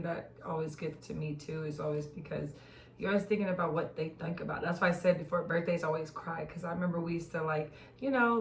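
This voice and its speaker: A woman hosting a casual podcast chat, telling stories in an animated way with bursts of laughter. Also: on the low side, vocal fry, a little hiss or hum. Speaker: podcast host. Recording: echoey room, mic at a distance.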